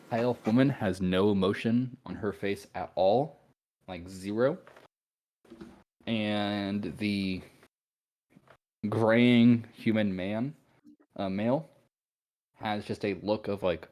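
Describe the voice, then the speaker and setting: Low-voiced man running a tabletop game. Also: fairly even intonation, darkish tone. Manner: casual, plays townsfolk in quick quoted asides. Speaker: game master.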